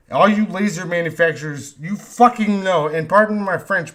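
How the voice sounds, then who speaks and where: A man's voice: high-pitched, moderate pace, hardly any pauses, a bit bright. Profane ranting man. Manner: frustrated, profane, repeats himself. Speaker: live stream host, vector artist. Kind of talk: ranting live stream monologue.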